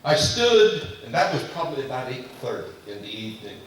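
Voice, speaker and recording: A male preacher delivers a sermon in a very echoey church sanctuary, caught from a distance. His voice swells into forceful emphasis and drops to hushed telling. A faint hiss sits under the room sound. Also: medium pitch, animated, quick pace. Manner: impassioned, swinging from loud emphasis to hushed telling. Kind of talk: sermon with personal storytelling.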